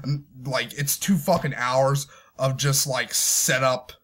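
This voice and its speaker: A young man reviewing a movie in an angry, profane rant, swinging from low muttering to shouted outbursts. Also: fairly even intonation, slow pace.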